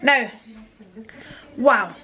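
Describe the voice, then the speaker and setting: A woman's voice: fairly high pitch, extremely slow, highs cut off. A middle-aged woman chatting casually to camera at home in a rambling way, laughing often. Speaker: vlogger. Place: at home, indoors.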